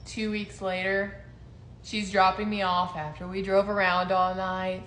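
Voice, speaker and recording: Here a young woman co-host tells her story in casual talk, her medium-pitched voice moving at a measured pace. Lively and laughing, she acts out what people said. Faint noise and an echoing room color the recording.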